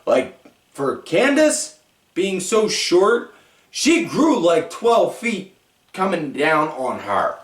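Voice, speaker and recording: Man, casual podcast host, animated rambling storyteller, slightly high voice, roomy echo, distant mic. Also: slow pace. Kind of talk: casual wrestling recap. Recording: echoey room, far from mic.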